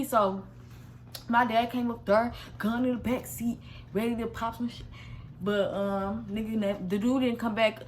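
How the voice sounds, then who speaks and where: A young woman from Missouri telling a casual storytime vlog in a slangy, animated way, with quick restarts and an exasperated tone. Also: mid-range voice, slight background noise. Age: young adult. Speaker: vlogger.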